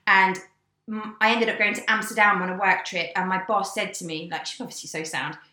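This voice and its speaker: Animated young woman telling a story. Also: medium pitch, fairly quick, roomy sound. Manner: animated, swears, acts out quoted voices. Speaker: guest. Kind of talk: casual storytelling chat.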